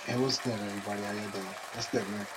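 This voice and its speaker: Man from new york, guest singer, casual chat, easygoing, quick to laugh. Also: fairly low pitch, steady tone, heavy background noise.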